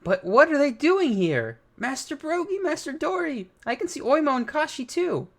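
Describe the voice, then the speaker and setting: Man doing a squeaky, overexcited young sniper, far up in pitch for a manga read-through. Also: moderate pace, gravelly, heavily acted. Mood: excited. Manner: shrill and excited.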